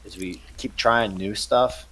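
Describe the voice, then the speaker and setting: A man's voice: on the low side, slow pace, fairly bright tone, breathy edge, rough recording. A man who plays tabletop games, rambling in casual podcast chat and repeating words as he thinks aloud. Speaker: tabletop game player.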